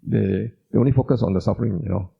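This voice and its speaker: A doctor gives an informal Buddhist teaching talk in a fairly low voice, talking fast with vocal fry and a breathy edge. He repeats words for emphasis and puts questions to the audience, and the recording has a dull lo-fi sound.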